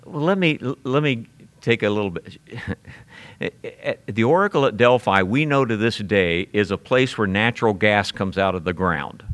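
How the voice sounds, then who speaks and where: A man preaching an expository sermon, telling the story in an animated way and briefly acting out the characters. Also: fairly low pitch, normal speed.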